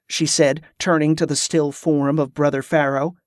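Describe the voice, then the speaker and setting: Audiobook narrator, fantasy story, steady reading, mid pitch, dry close mic. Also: normal speed, few pauses, dry recording.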